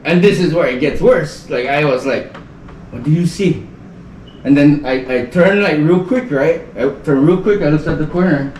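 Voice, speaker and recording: A podcast guest from the Northern Mariana Islands tells a meandering story in casual conversation, peppering it with "like." His voice sits on the high side and is a little mellow, at a moderate pace, recorded roomily by a distant mic with slight background noise.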